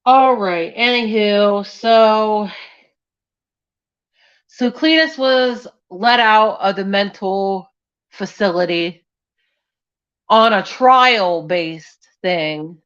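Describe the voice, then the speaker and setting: A woman tells a true crime case on her live stream at an unhurried, drawn-out pace, casual and a little sweary. Her voice sounds dull and lo-fi through the stream audio. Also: medium pitch, fairly bright tone, clear, resonant tone. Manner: loose, sweary and distracted, scolding a cat mid-story.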